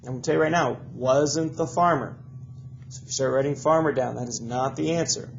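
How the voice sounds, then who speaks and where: A man's voice: medium pitch, a little fast, vocal fry, slight background noise. A male teacher with a stuffy nose, giving a recorded video lesson to young students in a patient, encouraging way and repeating each instruction. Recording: dull lo-fi recording.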